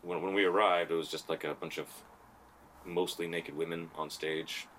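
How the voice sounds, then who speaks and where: A man with a very low voice chats casually on a podcast. He rambles through long anecdotes and laughs often. Faint room ambience sits under his voice. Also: fairly even intonation, moderate pace, a bit bright, slight background noise. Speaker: podcast host. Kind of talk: casual chat.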